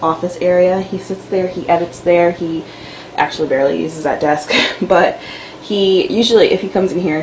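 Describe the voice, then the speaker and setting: A woman vlogger with a lowish voice gives a casual tour of her home office and filming room, chatty and loose with lots of fillers, and she sounds out of breath. A camera-mounted mic picks her up on a rough recording with slight background noise.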